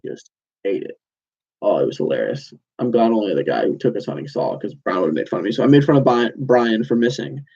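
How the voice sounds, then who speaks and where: Gravelly young man rambling through stories. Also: medium pitch, animated, a little fast, a little mellow, dull audio. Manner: rambling storytelling, many "like"s and self-corrections. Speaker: podcast host. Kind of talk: casual solo podcast recap.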